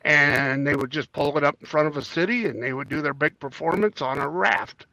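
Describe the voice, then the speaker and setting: A man's voice: a little high, brisk, gravelly, pushed and bright, dry recording, poor audio. A man co-hosting a casual podcast chat, still in his morning voice, joking and stumbling as he reads trivia aloud. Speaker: podcast co-host.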